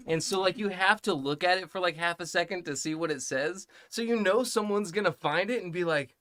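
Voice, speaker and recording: A podcast co-host with a high-pitched, bright, forceful voice talks a little fast while smoking cannabis. In a casual chat he tells crude, funny stories about his kids, laughing a lot and cursing freely.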